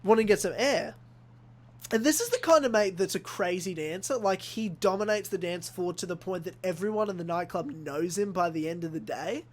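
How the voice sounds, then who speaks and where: A young man from Australia, hosting a casual podcast and telling an animated story full of acted-out quotes and swearing. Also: high voice, a little fast. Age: young adult. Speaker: podcast host. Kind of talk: casual chat.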